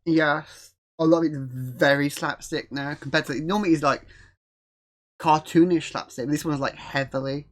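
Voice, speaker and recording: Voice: medium pitch, fairly even intonation, normal speed. Giggly co-host, rambling. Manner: laughs often, loose rambling sentences. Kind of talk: casual chat.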